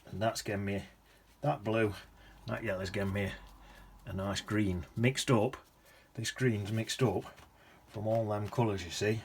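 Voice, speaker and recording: Male painting tutor, low voice, casual and chatty, slips into whispers, slight room hiss. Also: fairly even intonation, measured pace, pauses often. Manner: chatty, drifts into soft whispers and hums while painting. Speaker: watercolour painting teacher.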